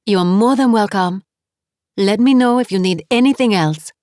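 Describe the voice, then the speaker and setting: A woman's voice: medium pitch, moderate pace, no echo, studio quality, pitched above the performer's own voice, lightly acted. A woman voicing a cheerful, motherly French guest house owner who speaks English with a heavy French accent. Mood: kindly. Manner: warm, fussing, heavily accented English.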